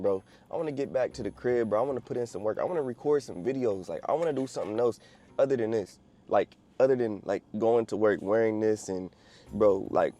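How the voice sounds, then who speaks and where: A man's voice: fairly low pitch, mellow. A man in his twenties vlogging casually about his day trades, slangy and easygoing, calling viewers bro. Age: 20s. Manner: laid-back slang-heavy talk, calls viewers bro. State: a little out of breath. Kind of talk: casual vlog with market updates.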